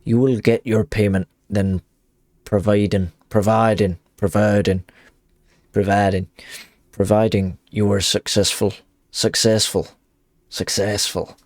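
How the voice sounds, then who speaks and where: Voiced by a man, a scheming noble quest giver speaks in a put-on Irish accent, dropping to a low register. He reads slowly, stumbling and repeating words. The sound is dry and close, with no room around it. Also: level tone, a little mellow, no echo. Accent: Irish, put on badly. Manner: slow, halting reading with repeated words. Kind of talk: reading game dialogue aloud.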